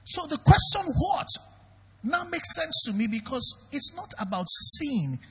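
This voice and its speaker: A man's voice: very high-pitched, very animated, moderate pace, a bit bright, big-room sound. A Nigerian man preaching a sermon as pastor, emphatic and questioning the congregation directly.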